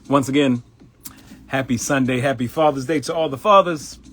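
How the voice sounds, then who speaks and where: A middle-aged man from Baltimore hosting a live stream, animated and chatty, greeting viewers by name and joking. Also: medium pitch, moderate pace, music in the background. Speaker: live show host. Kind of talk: live-stream casual chat.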